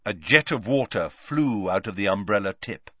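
An audiobook narrator tells a scripted story with expressive flair, his lowish voice at a moderate pace. The clean studio sound carries no room sound.

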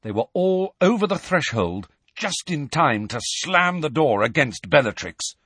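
A man reads scripted audiobook narration in an expressive, lively voice that rises and falls with the story. His voice is slightly husky and on the high side, at a measured pace. The recording is close and dry, with no room sound.

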